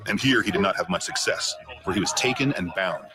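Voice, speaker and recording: A man narrating scripture in a measured, solemn film voice-over. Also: sits low, expressive, low-quality recording.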